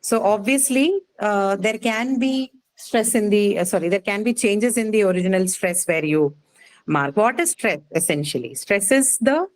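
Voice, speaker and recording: A woman's voice: mid-range voice, normal speed, poor audio. A woman teaching a class, explaining patiently with many fillers and checking questions. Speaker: English teacher. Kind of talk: live class lecture on word stress.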